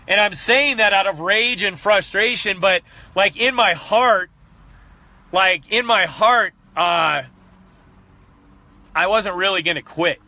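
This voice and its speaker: High, bright-voiced earnest man. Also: measured pace, no echo. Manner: earnest, animated, repeats himself when fired up. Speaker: fitness coach and host. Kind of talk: candid motivational talk.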